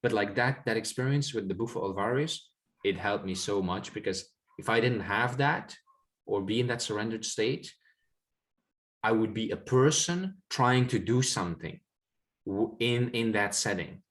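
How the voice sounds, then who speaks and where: A man's voice: on the low side, moderate pace, a bit bright. A man in casual conversation recounting a spiritual experience, reflective and rambling, full of fillers and repeated words. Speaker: guest sharing spiritual experiences.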